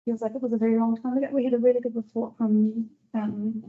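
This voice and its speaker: A woman's voice: a little high, level tone, fast. A woman giving an upbeat, conversational community board update at a council meeting. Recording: dull lo-fi meeting recording.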